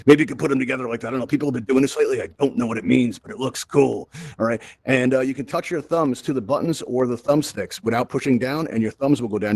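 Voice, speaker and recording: A man's voice: mid-range voice, darkish tone, no echo. A man hosting a virtual reality event, walking a crowd through controls in an upbeat, encouraging way with playful asides. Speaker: VR event host and instructor. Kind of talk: live instructional walkthrough.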